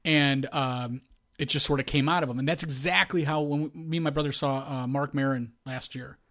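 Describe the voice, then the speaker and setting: A man's voice: mid-range voice, fairly even intonation, brisk, fairly bright tone. A man co-hosting a casual comedy podcast, teasing and prodding his co-host along.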